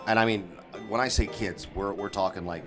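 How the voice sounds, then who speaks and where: A man's voice: fairly low pitch, brisk, over music. A man co-hosting a podcast, telling stories in casual chat and acting out the voices of people he quotes, often repeating words as he starts a sentence. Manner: animated storyteller who acts out quoted voices. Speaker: podcast co-host, festival performer.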